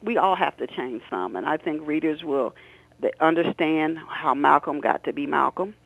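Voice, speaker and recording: A man's voice: a little high, normal speed, vocal fry. A man, an author, reading a scene from his novel aloud expressively on a radio talk show, then chatting about it. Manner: expressive, shouts characters' lines. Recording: tinny phone line, dry.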